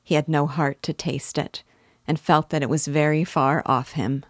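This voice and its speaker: A woman's voice: deep voice, fairly even intonation, moderate pace, no room sound, clean studio sound. Woman reading a classic novel aloud. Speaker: literature teacher.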